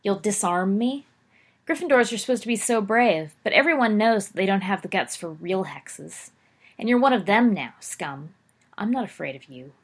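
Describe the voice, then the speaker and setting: A woman's voice: medium pitch, expressive, normal speed. A woman voicing a sneering, arrogant young schoolboy bully in a storybook reading, mocking and taunting.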